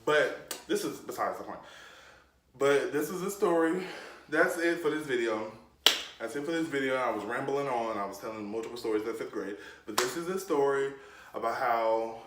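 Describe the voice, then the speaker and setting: A young man telling a storytime vlog story, animated and jumping into different voices for the people he quotes. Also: mid-range voice, distant mic. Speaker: YouTube storyteller. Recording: roomy echo, off from the mic.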